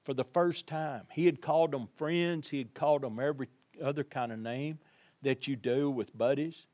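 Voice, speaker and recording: A male pastor preaching a sermon, telling the story vividly and addressing his congregation, moving between quiet passages and loud emphasis. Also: mid-range voice, normal speed, highs cut off. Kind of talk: Easter sermon.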